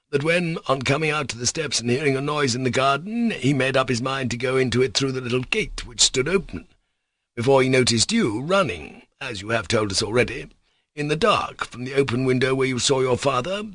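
A man reading a male prosecutor who speaks in a frigid, composed, deliberate way. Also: medium pitch, a bit bright, dry recording, pitched above the performer's own voice. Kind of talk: audiobook character reading.

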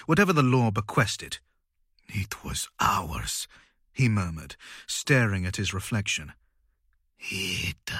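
A man reading a story aloud in a measured, dramatic way. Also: on the low side, fairly bright tone, husky, no room sound, studio quality. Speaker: audiobook narrator. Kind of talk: scripted narration.

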